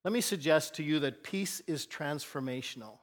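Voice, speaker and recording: High-voiced man preaching a sermon. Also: normal speed. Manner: earnest, storytelling, varies volume for emphasis. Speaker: pastor.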